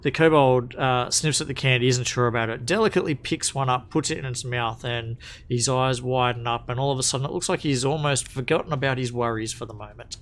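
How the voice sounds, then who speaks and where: A man's voice: mid-range voice, a little fast, few pauses. A man narrating a tabletop game as game master, in a casual way with frequent restarts. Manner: casual, many restarts and fillers.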